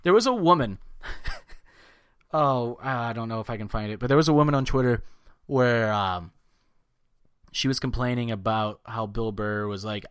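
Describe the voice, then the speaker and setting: Crude loud-mouthed man podcasting. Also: mid-range voice, moderate pace, pauses often, clear, resonant tone, dry recording, clean studio sound. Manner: loud, crude, swearing, breaks into mocking voices. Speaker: podcast co-host. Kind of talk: casual profane chat.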